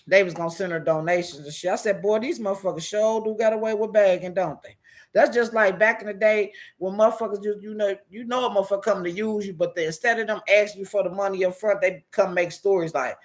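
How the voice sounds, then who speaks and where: A man's voice: sits high, fairly quick. Guy going off on live streams, swearing, laughing, doing voices for everyone he quotes. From Washington DC. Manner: animated, profane storytelling with lots of laughter; acts out other people's quotes in shifting voices. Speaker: YouTube commentator. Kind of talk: casual rant about online live streams.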